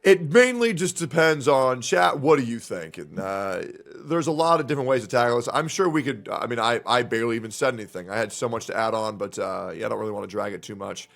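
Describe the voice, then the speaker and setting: A man's voice: medium pitch, lively intonation, fast, vocal fry, few pauses, fairly bright tone. A man moderating a streamed debate, asking guests questions and turning to chat. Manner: addresses chat, wraps up politely.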